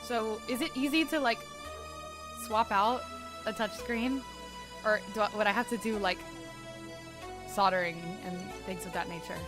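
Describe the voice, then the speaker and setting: A young woman streams live over music, chatting casually with viewers in a mid-range voice. She talks at a moderate pace with long pauses, rambling, using "like" heavily, and often restarting her sentences.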